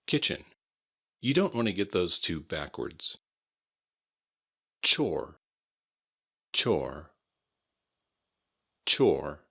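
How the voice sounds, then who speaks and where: Man, american accent, pronunciation teacher, deliberate, spells words out, very slow, low voice. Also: bright, forceful tone, husky. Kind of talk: slow instructional drilling.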